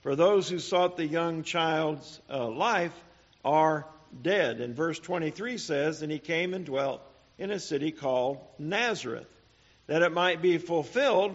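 A man teaching a Bible study sermon, speaking deliberately with "uh" pauses and rhetorical questions. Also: a little high, animated, highs cut off.

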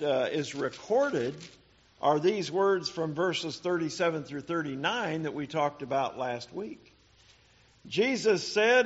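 Slow, high-voiced male Bible teacher. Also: a bit bright, muffled recording. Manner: slow, deliberate delivery with frequent "uh" pauses and rhetorical questions. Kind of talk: Bible study sermon.

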